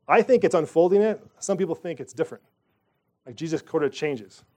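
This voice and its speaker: A man's voice: a little high, expressive, fairly quick, a little mellow. A man leading a Bible study, reading scripture aloud and talking it through in a conversational way, with asides and questions to the group.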